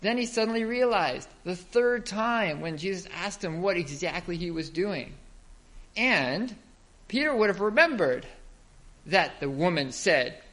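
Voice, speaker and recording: A man's voice: high-pitched, expressive, unhurried, a bit bright. A man giving a Bible teaching talk, explaining step by step and asking the listeners rhetorical questions.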